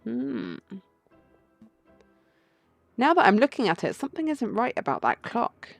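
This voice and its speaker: A woman voicing a composed male bird attorney who questions witnesses in a measured way, reading a game aloud. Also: a little high, wildly swooping pitch, gravelly, no echo, faint music behind, full character voice. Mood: probing. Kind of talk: game playthrough read-aloud.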